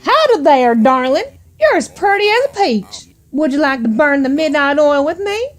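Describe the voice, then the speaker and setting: A woman's voice: high-pitched, very animated, normal speed. A woman voicing a flirtatious male cowboy from a game, with a put-on American cowboy drawl. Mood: flirty.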